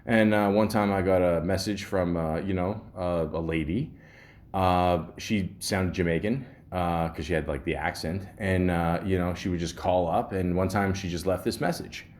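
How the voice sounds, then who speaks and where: A Canadian man in a loose, rambling podcast monologue, stumbling over restarts and fillers. His voice sits on the lower side, unhurried and relaxed. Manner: rambling, with many ums and restarts. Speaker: podcast host. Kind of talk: casual monologue.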